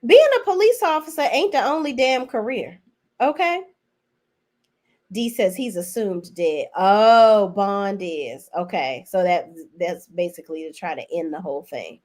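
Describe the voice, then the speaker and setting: A woman's voice: mid-range voice, expressive, a little slow, a little mellow. A woman giving a casual, blunt and profane recap of TV episodes, chatting straight to her viewers. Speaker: TV show reviewer.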